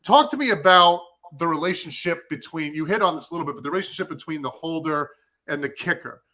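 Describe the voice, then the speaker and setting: A man in his thirties co-hosting a casual sports chat, talking in an animated, fired-up way. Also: fairly high pitch, fast talker. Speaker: podcast co-host, former defensive lineman.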